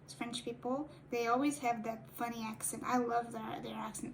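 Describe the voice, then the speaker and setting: A woman vlogging as she does her cosplay makeup. She chats casually, with Portuguese as her first language, and rambles with many restarts and soft murmured asides. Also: on the high side, fairly even intonation, normal speed, creaky, rough recording. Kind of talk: casual chat while doing makeup.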